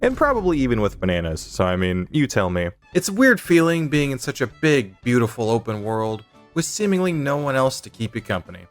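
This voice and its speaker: A man's voice: medium pitch, very animated, brisk, few pauses, faint music behind. A young man giving comedic gameplay commentary, joking and self-mocking with stammered restarts. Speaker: gaming youtuber.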